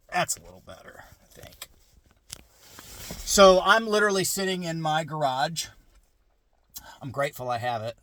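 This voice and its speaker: A man's voice: a little high, lively intonation, a little slow, pauses often, a bit bright. A middle-aged man vlogging from a parked car in his garage, musing in a rambling, casual way with restarts and asides.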